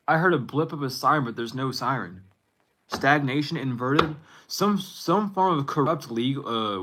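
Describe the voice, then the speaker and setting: A man's voice: medium pitch, bright, forceful tone. A man in his twenties giving a casual, rambling spiritual reading to viewers, often cutting himself off and laughing at himself. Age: 20s. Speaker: tarot reader.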